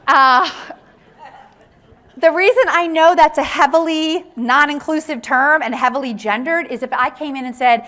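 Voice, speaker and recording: A woman giving an interactive conference talk on workplace inclusion, animated and often checking in with the audience with a quick "right?". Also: high voice. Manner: animated, tags lines with "right?" to engage the audience. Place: conference session room.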